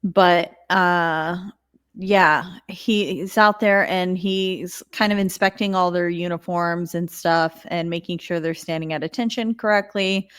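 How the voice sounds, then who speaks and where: Woman, podcast co-host, low-pitched, relaxed casual film recap. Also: unhurried, smooth. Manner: relaxed, quotes her own reactions aloud. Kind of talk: casual movie recap chat.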